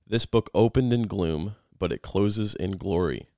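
A man's voice: deep voice, a little slow, mellow, dry recording, clean studio sound. A man imitating an older male radio Bible teacher with a strong Southern accent and emphatic preaching delivery. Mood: earnest preaching. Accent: American Southern.

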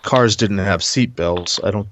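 A man in a casual panel discussion, talking earnestly and haltingly with many restarts. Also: on the low side, a bit bright, a little hiss or hum. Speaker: panel guest.

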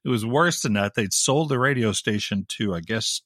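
Man, lowish voice, dry close sound, animated wry storytelling, radio veteran. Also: moderate pace, dry recording. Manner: animated anecdotes, wry, with laughs. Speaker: radio DJ guest. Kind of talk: casual storytelling chat.

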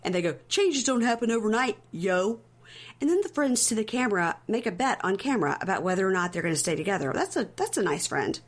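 A woman co-hosting a casual chat, retelling scenes with lots of animated quotes and profanity. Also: fast, hardly any pauses, slightly rough. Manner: animated storyteller who acts out quotes with big pitch jumps; profane, gossipy. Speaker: podcast co-host recapping a reality show.

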